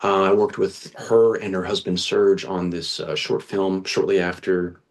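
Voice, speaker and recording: A man's voice: deep voice, flat delivery, measured pace. A young man, a guest actor, telling his story in a casual interview, earnest and chatty, with lots of restarts and slang like "dude". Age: young adult.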